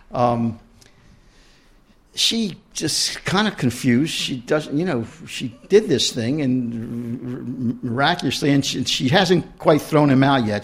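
A man's voice: mid-range voice, breathy edge. A man, an author, introducing and reading a passage from his book to an audience in a conversational way.

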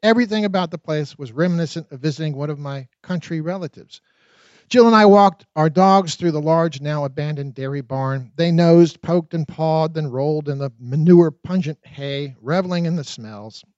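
High-voiced man reading his memoir. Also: dry recording. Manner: expressive, dramatic reading with quick asides. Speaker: memoir narrator. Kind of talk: audiobook narration of own memoir. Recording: dull, lo-fi dry recording.

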